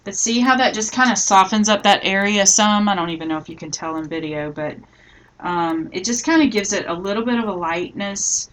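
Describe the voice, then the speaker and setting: A middle-aged woman hosts a live scrapbooking tutorial, chatting casually and thinking aloud as she works, often trailing off softly. Her voice is medium in pitch and a little fast, and the audio quality is poor.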